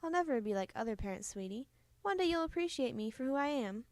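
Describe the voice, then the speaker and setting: A woman voicing a shrill, sly witch mother who teases and cackles, reading a storybook aloud. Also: lively intonation, fast talker, a little mellow, dry recording. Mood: tender.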